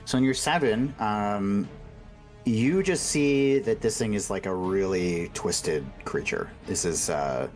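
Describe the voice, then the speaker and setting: Deep-voiced rambling game master man. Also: animated, takes it slowly, faint music behind. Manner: rambling, full of "like" and restarts. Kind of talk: describing scenes in a tabletop game.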